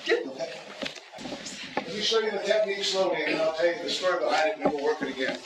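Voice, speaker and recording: A man's voice: a little high, fast talker. A man teaching a self-defense seminar, joking and repeating words as he talks through demonstrations. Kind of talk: teaching a martial arts seminar. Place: large echoey training hall. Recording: echoey hall from far off with loud room noise.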